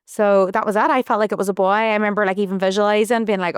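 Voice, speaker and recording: A young woman talks through a story on her podcast, rambling and restarting as she goes. Her voice is smooth and clear, recorded close and dry. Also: mid-range voice, steady tone, quick pace, hardly any pauses, no room sound. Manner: chatty, rambling, with frequent restarts and "like". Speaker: podcast host. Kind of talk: casual storytelling monologue.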